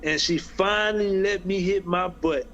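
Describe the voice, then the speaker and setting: A man's voice: high voice, measured pace, fairly bright tone, lo-fi sound. A man telling a personal story in an interview, earnest, often repeating and restarting phrases. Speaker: guest speaker.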